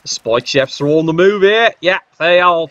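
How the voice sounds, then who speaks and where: A man's voice: a little high, normal speed, a bit bright, dry recording, muffled recording. A man giving casual, sarcastic play-by-play commentary on a video game match. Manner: cheeky, sarcastic banter.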